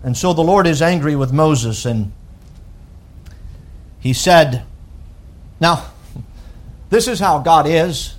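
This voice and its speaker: A middle-aged pastor preaching in a loose, conversational way, often restarting his phrases. His voice sits notably high for a man. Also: animated, slow, pauses often. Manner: conversational preaching, paraphrasing scripture in plain speech, with verbal restarts. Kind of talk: sermon.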